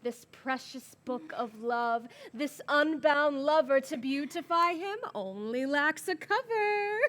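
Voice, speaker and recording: A woman's voice: high voice, expressive, slow, fairly bright tone, full character voice. A woman playing a formal, commanding noble mother in an outdoor Shakespeare performance. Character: stately noble mother, brisk and proper. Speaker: stage actor. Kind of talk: outdoor Shakespeare stage acting.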